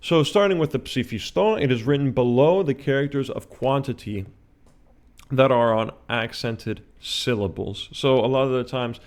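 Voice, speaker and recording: A man teaching a video chant lesson, explaining patiently and often checking in with "all right?". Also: medium pitch.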